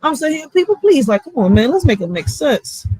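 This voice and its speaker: A woman's voice: sits high, big pitch swings, moderate pace, darkish tone, dry recording, poor audio. A woman with a Philadelphia accent, a block captain ranting bluntly and profanely in a casual vlog. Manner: blunt, profane, fired-up street talk.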